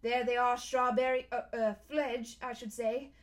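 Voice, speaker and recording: A bluff, plain-spoken cabman with a hearty, colloquial way of talking, as a woman puts him on while reading a storybook aloud. The voice stays fairly high for a man. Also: flat delivery, a little slow, natural voice.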